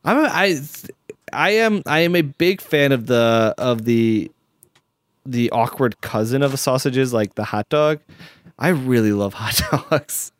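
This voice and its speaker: A man's voice: mid-range voice, a little slow, no room sound. Chatty laughing male podcast host. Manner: animated, laughs often, many fillers and restarts. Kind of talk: casual chat.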